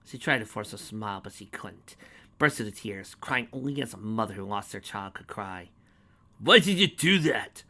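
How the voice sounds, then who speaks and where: A man reading a dark fan fiction story aloud in an animated, dramatic way. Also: fairly low pitch, moderate pace, creaky. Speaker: narrator.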